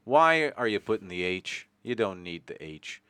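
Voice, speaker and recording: Joking Canadian man, smooth low voice. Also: very animated, moderate pace, pushed and bright, no echo. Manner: rambling, jokey, swears casually. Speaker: podcast host. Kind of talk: casual chat.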